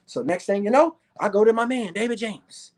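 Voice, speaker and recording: A man with a Louisville, Kentucky accent telling his own story in a profane, excitable monologue, acting out the other people's voices. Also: sits high, normal speed.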